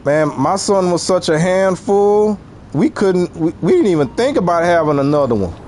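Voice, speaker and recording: Easygoing southern guy streaming, lots of laughs, lively up-and-down voice. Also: sits high, moderate pace, a little hiss or hum. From Louisiana. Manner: laid-back, laughs often, talks to chat. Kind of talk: casual chat while gaming.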